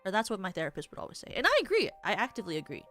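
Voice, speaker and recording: A young woman streamer talking in a chatty, rambling way, full of filler words and theatrical jumps. She calls herself yappy, and her voice sits in a middle pitch with some faint music playing behind her. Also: huge pitch swings, rapid-fire, a bit bright. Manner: self-described yappy, theatrical. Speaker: VTuber streamer. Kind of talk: casual stream chat.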